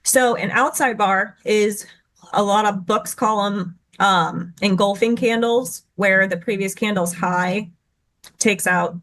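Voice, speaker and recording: Woman rushing through a chart lesson. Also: medium pitch, a bit bright. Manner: rushed, tumbling explanations with self-corrections. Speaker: guest trading educator. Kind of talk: explaining chart patterns on screen.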